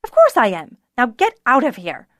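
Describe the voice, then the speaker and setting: A woman's voice: on the high side, big pitch swings, moderate pace, no room sound, studio quality. A woman voicing a brusque, busy female kitchen cook who scolds sharply and gets flustered. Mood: scolding.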